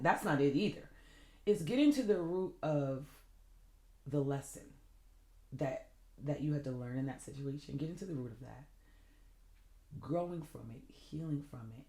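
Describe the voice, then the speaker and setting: Warm-voiced woman giving a motivational talk. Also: deep voice. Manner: earnest, keeps asking "right?". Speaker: self-love and fitness coach. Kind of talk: motivational self-help talk. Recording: echoey room.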